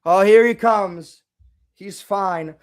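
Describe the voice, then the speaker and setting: A man reacting live to a football game, swinging from low muttering to angry shouting and repeating words. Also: slow. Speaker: fan reaction streamer.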